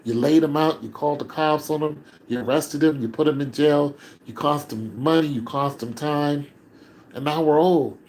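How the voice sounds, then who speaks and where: An older man speaking in a heated, emotional monologue, climbing close to shouting as he grows upset and sinking low and weary when he gives up. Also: normal speed, slight background noise, rough recording. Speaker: commentator.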